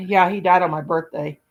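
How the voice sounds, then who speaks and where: In a low-quality recording, a woman with a fairly low, slightly rough voice speaks unhurriedly but with lively intonation. She hosts her own crochet channel and tells a long personal story in a rambling, folksy, casual way, full of run-on anecdotes.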